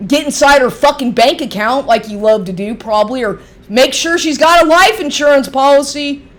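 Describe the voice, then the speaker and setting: A woman's voice: high-pitched, fairly bright tone. A middle-aged woman ranting angrily into the camera, profane, heated and sarcastic, mocking the man she addresses. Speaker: vlogger. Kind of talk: angry ranting monologue.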